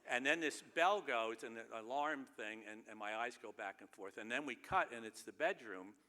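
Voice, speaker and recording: A man with a bright, crisp voice tells wry, self-deprecating stories to an audience. His speech rings out with the long reverb of a large theater. He talks loosely and conversationally, as if chatting with friends. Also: mid-range voice, animated, moderate pace. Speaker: keynote speaker. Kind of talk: humorous anecdotal speech.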